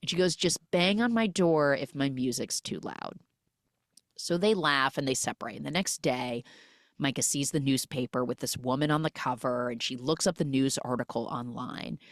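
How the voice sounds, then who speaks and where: A woman podcast host chatting casually as she recaps a story, acting out the quoted lines in an animated way. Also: a bass voice, normal speed, dry recording, studio quality.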